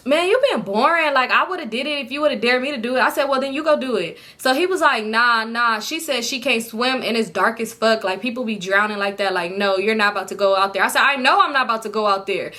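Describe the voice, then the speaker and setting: A young woman casually telling a storytime vlog, profane and animated, acting out what others said. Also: a little high, fast, hardly any pauses. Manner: animated, profane, acts out quotes. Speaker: storytime vlogger.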